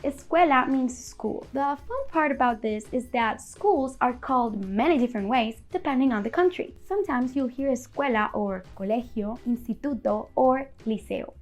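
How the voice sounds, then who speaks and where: A woman narrating a scripted language lesson in a clear, upbeat, explanatory way. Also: sits high, expressive, moderate pace, few pauses, soft background music. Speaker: language teacher.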